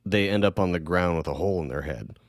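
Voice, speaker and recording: A man hosting a casual podcast chat, talking in an animated way, swearing and acting out quoted voices. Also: low-pitched, quick pace, dry recording, clean studio sound.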